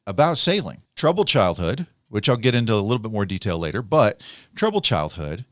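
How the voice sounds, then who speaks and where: A man co-hosting a podcast, chatting casually and telling stories with lively acted-out quotes. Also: on the low side, a little fast, dry recording, studio quality. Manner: animated storyteller, acts out quoted voices. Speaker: podcast co-host.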